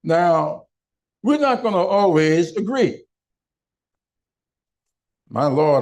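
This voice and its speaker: Slow, deliberate older man. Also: fairly high pitch, very animated, darkish tone. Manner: slow, deliberate oratory with emphatic pauses. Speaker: political speaker. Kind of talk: town hall speech. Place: town hall meeting.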